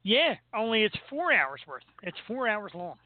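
A man with a high voice hosts a casual radio chat, spinning jokey stories and laughing between them. The sound is narrow and tinny, like a phone line. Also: sing-song, normal speed. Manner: storytelling, jokey, laughs often. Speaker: radio show host.

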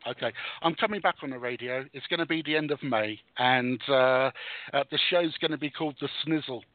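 An English man, a music promoter, talking as a radio guest with lively, enthusiastic patter. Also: medium pitch, brisk, dry recording. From England. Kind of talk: casual radio chat. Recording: tinny phone line.

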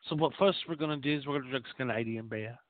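Male host for a vulgar comic rant, rambling and mock-boastful, mid-pitched, heard over a tinny phone line. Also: quick pace, no room sound. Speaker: radio show host. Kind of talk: crude comic monologue.

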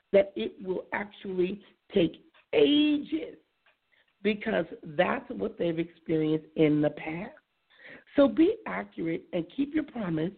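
A woman hosts a casual talk show with a hoarse, gravelly voice. She is chatty and laughs easily. Her voice comes through a thin, phone-like sound. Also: mid-range voice. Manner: chatty, laughs easily, says things twice. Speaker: radio show host.

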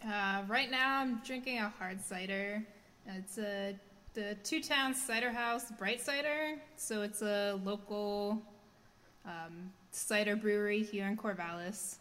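A young woman in her twenties, a guest on a casual podcast, easygoing and relaxed. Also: medium pitch, slow pace, long reverb tail.

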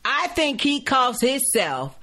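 Podcast co-host, woman, slow and expressive, emphatic and laughing. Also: high-pitched. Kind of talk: casual chat.

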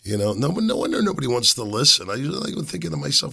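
A man hosting a podcast while sick and losing his voice. He rambles and makes sarcastic, muttered asides into a desk boom mic. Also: very animated, racing, vocal fry, sharp tone, breathy edge. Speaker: podcast host. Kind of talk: casual commentary monologue. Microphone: boom microphone on a desk.

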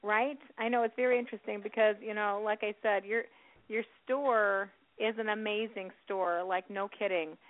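A woman from Illinois hosts a call-in radio show. She chats in a warm, encouraging way. Her voice comes through a tinny phone line. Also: medium pitch, fairly even intonation, normal speed. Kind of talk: casual interview chat.

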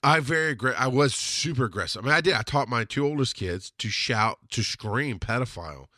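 A man's voice: mid-range voice, animated, brisk, pushed and bright, no room sound, studio quality. A man in his thirties hosting a podcast, telling personal stories in a blunt, profane, emphatic way. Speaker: podcast host. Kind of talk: casual storytelling monologue.

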